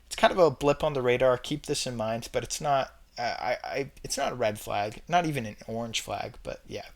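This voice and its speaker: Young male vlogger, average pitch, casual emphatic delivery, repeats himself for effect. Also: brisk, gravelly. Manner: emphatic, repeats his points, chatty fillers. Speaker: vlogger ranking red flags. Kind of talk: casual opinion monologue.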